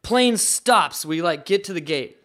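A man with a somewhat high voice telling a wild story as a podcast guest. He talks loosely and profanely, packing his sentences with fillers. The delivery stays animated and casual throughout. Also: measured pace. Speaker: guest, professional skateboarder.

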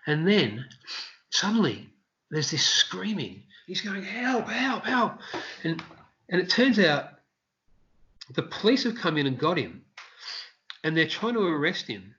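Speaking unhurriedly with long pauses, a man who used to perform on the street shares stories in a casual interview. He is an animated storyteller who voices the people he quotes with high shouts, and the recording has its highs cut off.

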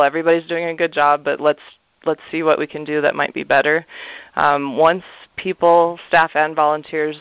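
A man talking earnestly and reflectively as an interview guest, a thrift shop manager, with soft laughs and fillers. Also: a little high, clean tone, no echo. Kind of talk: casual interview answers. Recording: slightly muffled, dull audio.

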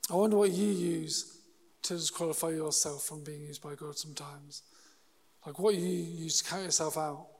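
A man's voice: a little high, steady tone, gravelly. Earnest man preaching in an echoing hall. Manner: earnest, halting with restarts. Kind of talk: sermon. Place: church hall.

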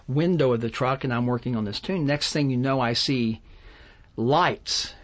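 A man from West Virginia, a songwriter, telling funny anecdotes in conversation with a self-deprecating, animated manner and frequent laughs. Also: medium pitch, normal speed. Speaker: songwriter guest.

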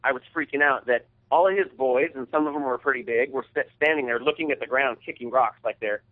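A man's voice: mid-range voice, fast talker. A man hosting a podcast, retelling an embarrassing story in a casual, profane, heated way. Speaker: podcast host. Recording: tinny phone-like sound.

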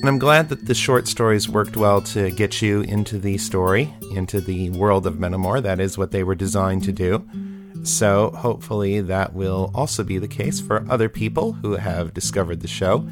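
A man's voice: low-pitched, normal speed, over music. A man hosting a podcast and chatting casually through listener feedback, playful and enthusiastic. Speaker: podcast host.

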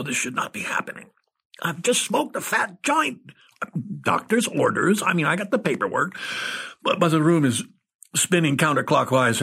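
Wry, desperate old writer played by a man, husky voice with lively rises and falls. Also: fairly high pitch, heavily acted. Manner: rambling inner monologue, sighing, pleading. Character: ill older male screenwriter, wry and desperate. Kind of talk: audio drama with inner monologue.

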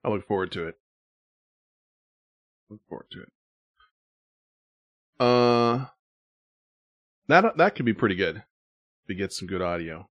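A man hosting a casual podcast chat, animated and quick to swear. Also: on the low side, no room sound, lo-fi sound. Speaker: podcast host.

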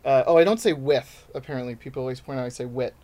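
A man's voice: medium pitch, quick pace, a little mellow. A man from New York City, a guest comedian talking casually and acting out quotes in rambling asides. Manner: rambling, acts out quotes in voices. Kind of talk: casual podcast chat.

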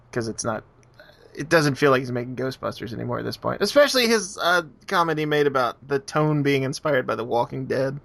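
A man's voice: medium pitch, vocal fry, fairly bright tone. A man co-hosting a casual podcast, joking and sarcastic, slipping into quoted voices. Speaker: podcast co-host.

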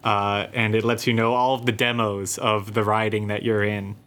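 A man's voice: fairly low pitch, flat delivery, moderate pace, fairly bright tone. A Canadian man co-hosting a casual podcast, playful and self-mocking as he addresses the listeners. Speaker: co-host.

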